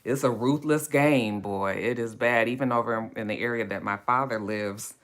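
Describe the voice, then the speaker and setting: A woman's voice: very deep voice, moderate pace. A woman hosting a book club livestream, greeting viewers by name in a chatty, drawling way. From West Coast of the United States. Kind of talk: casual livestream chat.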